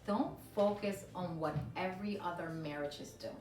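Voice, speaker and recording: A woman's voice: on the low side, moderate pace. A woman co-hosting a faith-based marriage chat, speaking emphatically and acting out her own inner thoughts. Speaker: co-host of a marriage ministry show. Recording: roomy sound, mic at a distance, soft music.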